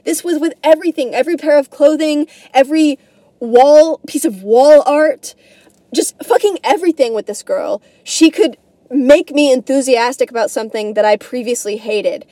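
A young woman with a high yet mellow voice talks through a solo podcast, rambling and self-deprecating. She swears casually and restarts her sentences often. The sound is dry and close, with no room around it. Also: normal speed, no echo. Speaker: podcast host.

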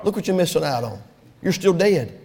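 Man, pastor preaching, high pitched, fervent, long church reverb. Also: animated, fairly quick, vocal fry. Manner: fervent preaching, swings from loud to soft. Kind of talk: sermon. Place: church sanctuary.

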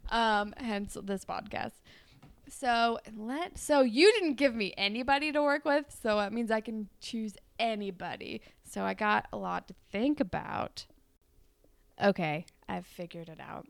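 A woman's voice: medium pitch, measured pace, creaky, no echo. A young woman co-hosting a podcast, chatting casually and telling a breezy fan fiction story with giggles and lots of "like". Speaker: podcast co-host.

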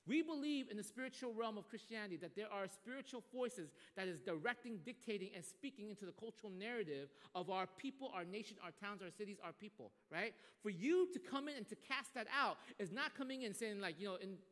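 Male pastor, high lively voice, animated sermon delivery, long reverb of a church hall. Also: fairly quick, few pauses. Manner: animated, acts out quoted voices.

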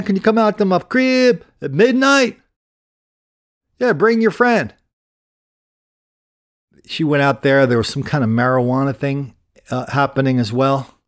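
A man hosting a podcast, telling crime stories in a sardonic, rambling way. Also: medium pitch. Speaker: podcast host. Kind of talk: casual commentary.

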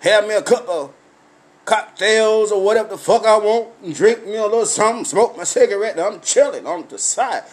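A man telling a story as a blunt, animated comic rant, swearing constantly and breaking into laughs. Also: high-pitched, normal speed.

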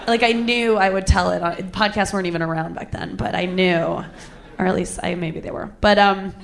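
A young woman telling a crude personal story with candid, self-mocking humor, laughing often. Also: fairly low pitch.

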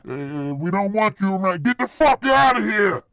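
A man voicing a hostile male island tribesman who shouts at a stranger to leave. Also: sits high, very animated, normal speed, no echo, heavily acted. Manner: gruff, shouting threats.

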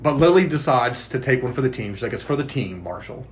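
This podcast co-host talks quickly and expressively in an ordinary mid-range voice, chatting casually through a TV episode step by step. Storyteller-style, he voices the characters' lines as he goes, over slight background noise.

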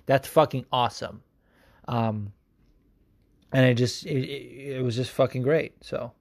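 Here's a young male podcast host who rambles and swears a lot, swinging between mumbled asides and hyped bursts of energy. His voice sits at an everyday middle pitch and sounds close and dry, with no room around it. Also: fairly even intonation, unhurried, creaky, long pauses, no echo. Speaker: podcast host answering listener messages. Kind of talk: casual chat.

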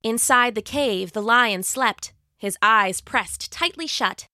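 A woman narrating a rhyming children's story in an expressive, sing-song way. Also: on the high side, takes it slowly, dry recording, studio quality.

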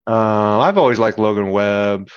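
Low-voiced playful man, dull dry recording. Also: a little slow, clean tone, dry recording. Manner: playful, rambling banter. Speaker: podcast co-host. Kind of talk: casual chat.

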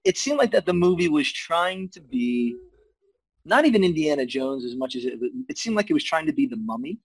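Higher-voiced man, dry close sound. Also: fairly quick, breathy edge, no room sound, rough recording. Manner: relaxed, rambling, stumbles over words. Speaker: podcast co-host. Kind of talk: casual chat reviewing a film.

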